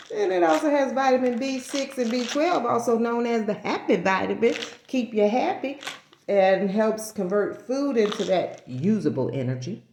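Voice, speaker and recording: Animated yet unhurried, a woman with a fairly high, creaky, darkish voice addresses the camera in a casual talking-head vlog. Slight background noise and room echo are present, and she rambles, corrects herself, and laughs when she fumbles.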